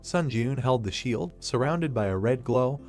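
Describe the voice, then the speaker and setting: Man, scripted story narration, mid-pitched voice, steady reading, soft music underneath. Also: measured pace. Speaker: recap narrator.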